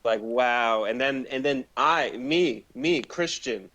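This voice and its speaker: A man's voice: medium pitch, slow, fairly bright tone. A man co-hosting a casual chat show, rambling through his thoughts with many fillers and easy laughter. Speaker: co-host.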